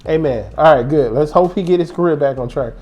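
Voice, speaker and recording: This basketball fan show is hosted by a man with a slightly high voice who talks fairly quickly, full of animated, joking, rambling banter. Faint music plays behind him.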